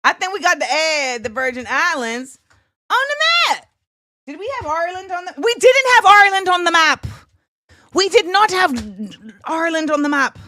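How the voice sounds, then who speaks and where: A chatty woman hosting a livestream. Her voice is bright and forceful and sits a little high. She swings from loud excited calls to quiet muttering. The sound is close and dry, with no room around it. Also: normal speed, no echo. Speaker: host. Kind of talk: casual livestream chat with viewers.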